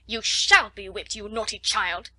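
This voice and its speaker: A woman's voice: mid-range voice, brisk, a bit bright, no echo. Woman doing a stern, stately headmistress. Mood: severe. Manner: stately and severe.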